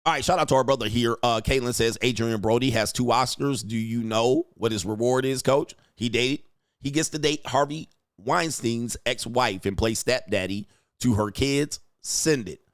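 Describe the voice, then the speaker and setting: A man's voice: mid-range voice, normal speed, no echo, clean studio sound. A young adult man, a dating coach, hosts a casual livestream, reading out viewer donations and commenting in a blunt, slangy, profane way.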